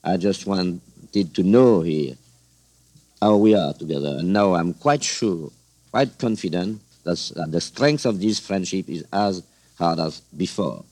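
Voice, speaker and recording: A middle-aged man with a French accent, answering interview questions in a measured, hesitant way as he searches for words in his second language. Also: deep voice, animated, darkish tone. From France. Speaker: political guest.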